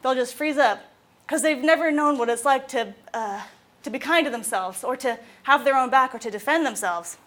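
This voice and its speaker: High-voiced woman giving a lively talk. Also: normal speed. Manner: lively storytelling with laughs and acted quotes. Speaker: mental health specialist giving a talk. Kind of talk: informal talk to students.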